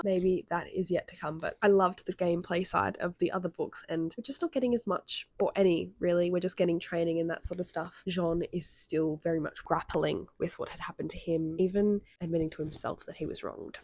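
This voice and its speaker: A woman's voice: on the low side, vocal fry, no echo. A sniffly woman with a cold, chatting casually and rambling in a reading vlog from her bed. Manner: chatty, rambling, frequent "like" fillers. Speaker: book vlogger. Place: in bed at home.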